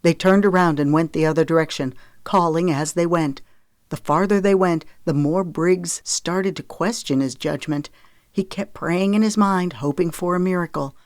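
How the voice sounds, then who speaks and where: An audiobook narrator reading a novel with steady, measured storytelling into a close microphone. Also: medium pitch, no echo. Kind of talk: scripted narration of a romance novel.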